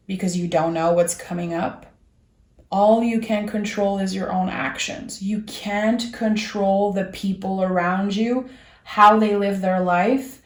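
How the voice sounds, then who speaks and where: A woman's voice: mid-range voice, darkish tone. Earnest French-accented woman, echoey room. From France. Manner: earnest and reassuring, speaking straight to the viewer. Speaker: tarot reader. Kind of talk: tarot reading monologue.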